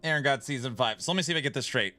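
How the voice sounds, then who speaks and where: Bright-voiced male game streamer. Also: mid-range voice, rapid-fire, soft background music. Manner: animated, repeats himself when starting sentences. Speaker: game streamer reading chat. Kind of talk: casual livestream chat.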